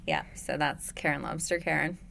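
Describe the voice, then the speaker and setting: A woman's voice: low-pitched, moderate pace, gravelly, pushed and bright, a little hiss or hum. A woman hosting a recovery podcast in a booth, in playful, jokey casual chat. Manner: playful, jokey, laughs often. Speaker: podcast host. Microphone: studio mic.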